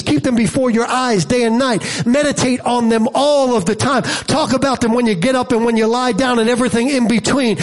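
A male pastor delivers a forceful sermon, moving between quiet storytelling asides and loud climaxes. He mixes in humor and asks the congregation rhetorical questions.

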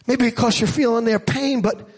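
High-voiced male pastor preaching with fire. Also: steady tone, normal speed, slightly rough. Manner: swings from quiet musing to shouted, rising preaching. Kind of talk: sermon. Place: church.

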